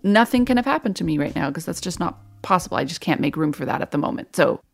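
A woman with a lowish voice tells her own story as a radio interview guest. She speaks frankly and reflectively, with a dry, wry edge. The telling is unhurried and personal. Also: expressive, gravelly, faint music behind.

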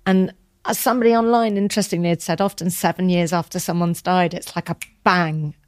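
A woman guest telling an emotional personal story in a candid, chatty way, acting out quoted lines with soft whispers. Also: on the low side, fairly even intonation, brisk, dry recording.

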